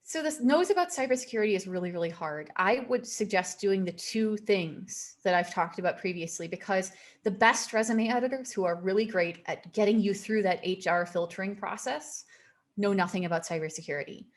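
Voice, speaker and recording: A woman presenting a career webinar over a video call, emphatic and given to repeating her warnings with a quick laugh. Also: mid-range voice.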